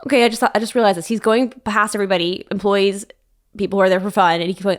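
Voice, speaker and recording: A woman co-hosting a casual podcast, talking excitedly about a film and acting out the characters' lines. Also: mid-range voice, rapid-fire. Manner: animated, quotes characters, says she was freaked out. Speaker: podcast co-host.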